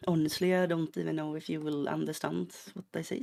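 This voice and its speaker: A man's voice: a little high, flat delivery, brisk, vocal fry, darkish tone. A Swedish-accented man from Sweden, a streamer chatting casually and playfully while he plays a game, given to rambling asides and mock-indignant outbursts. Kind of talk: casual chat while gaming.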